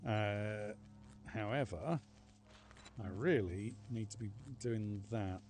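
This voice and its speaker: A man's voice: lowish voice, slow pace, a little mellow, faint music behind. A man streaming a game live, chatting casually with viewers in a rambling, self-mocking way. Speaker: livestreaming gamer. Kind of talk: casual live gameplay chat.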